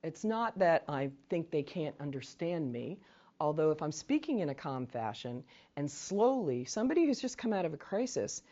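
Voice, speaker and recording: A woman with a lower voice runs a training workshop in a chatty, conversational way. She keeps checking in with "right?" and acts out short sample lines. The recording is dull and lo-fi. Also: sing-song, normal speed, mellow. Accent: New England. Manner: conversational, often asks "right?". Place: training room.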